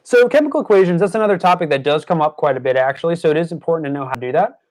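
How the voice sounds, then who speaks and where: A man's voice: a little high, expressive, rapid-fire, a little mellow. A young man tutoring live on stream, talking casually with lots of fillers and restarts, and stopping to scold troublemakers in the chat. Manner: chatty, many fillers and restarts; scolding, exasperated at trolls in chat. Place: indoors at his desk by a screen.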